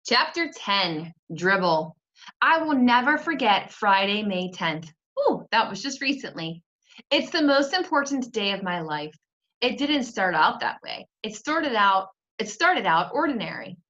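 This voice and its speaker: A woman reads a children's novel aloud with an animated, swinging delivery and friendly asides. Her voice is bright and fairly high. The recording is a little dull and muffled. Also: a little slow. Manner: expressive, chatty asides. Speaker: teacher reading aloud.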